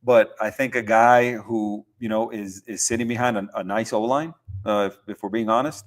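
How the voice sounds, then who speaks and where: A young man hosting a podcast, talking football in a relaxed, rambling way with lots of fillers and easy laughs. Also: fairly low pitch, normal speed. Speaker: podcast host. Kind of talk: casual sports chat.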